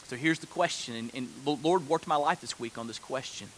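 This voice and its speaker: A man preaching a sermon in an earnest manner, building to loud, emphatic peaks. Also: medium pitch, a little fast, hardly any pauses, a little hiss or hum.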